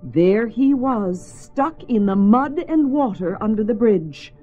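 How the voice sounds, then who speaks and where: A woman gently and expressively reading a children's story aloud, in a slightly muffled lo-fi recording. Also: fairly high pitch, expressive, takes it slowly. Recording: slightly muffled lo-fi with faint music.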